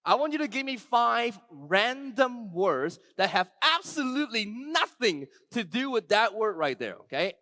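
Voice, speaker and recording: Lively male keynote speaker on stage. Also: sits high, no room sound. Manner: lively, swings from soft and slow to loud and excited. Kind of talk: live keynote talk with audience magic trick. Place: conference stage before a live audience.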